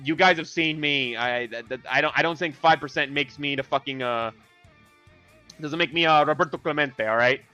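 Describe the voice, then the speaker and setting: A man's voice: on the high side, normal speed, bright, forceful tone, clean tone. A man in a heated online voice chat, ranting in a profane, provocative way. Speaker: voice chat participant. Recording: lo-fi voice chat with faint music.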